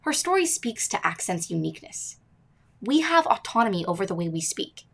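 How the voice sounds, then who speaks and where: A woman hosting an interview program, asking questions and reading scripted narration in a measured way. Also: mid-range voice, very animated, gravelly, slightly rough. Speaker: host and narrator.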